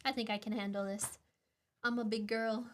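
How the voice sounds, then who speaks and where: A young woman chats on her stream as she solders a kit at her desk, her voice high and light. She rambles, giggles often and pokes fun at herself, talking straight into a desk mic. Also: level tone, normal speed, slight background noise. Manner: giggly, rambling, self-mocking. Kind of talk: casual chat while soldering.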